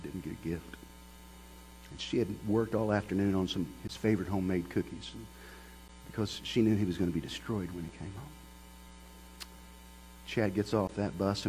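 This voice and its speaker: A man's voice: low-pitched, brisk, a little mellow, slight background noise, low-quality recording. A middle-aged man, a pastor preaching a sermon as a folksy storyteller. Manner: folksy storyteller who builds to passionate preaching.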